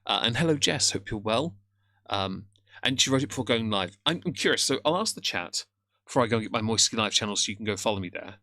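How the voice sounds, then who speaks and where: A man's voice: on the low side, animated, fast talker, pushed and bright. A man hosting a casual live stream, rambling as he reacts and greets his chat by name, and now and then tripping over his words. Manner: rambling, chatty, greets chat, stammers at times.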